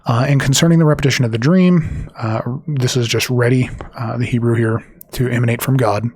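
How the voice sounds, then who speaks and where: A man reading scripture aloud and explaining it, talking haltingly with many fillers and restarts, and reading the quoted passages quicker than his own remarks. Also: mid-range voice, fairly even intonation, darkish tone, slightly rough, dry recording, studio quality. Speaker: Bible teacher.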